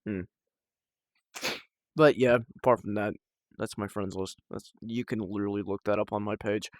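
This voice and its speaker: Low-voiced young man rambling emotionally. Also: steady tone, dry recording, studio quality. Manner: rambling, halting, emotional, with sighs and restarts. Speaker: vlogger. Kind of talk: casual personal talk to camera.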